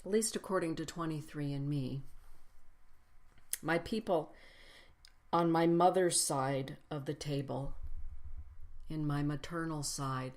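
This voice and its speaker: A woman with a low, deep voice gives a personal spiritual talk to a gathered congregation. She speaks reflectively, stacking phrases into lists and slowing down to land each one. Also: a little mellow.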